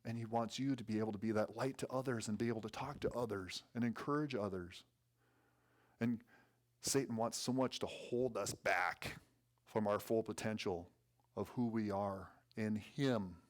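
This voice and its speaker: A man preaching a sermon as a guest speaker in a church, earnest and sometimes quickening with excitement. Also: lowish voice. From North Dakota. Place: church sanctuary.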